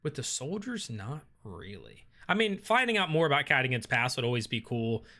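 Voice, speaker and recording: A man's voice: mid-range voice, very animated, normal speed, pushed and bright. A man hosting a casual livestream, reading viewer comments aloud and answering them with lots of ums and uhs. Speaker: streamer reading live chat.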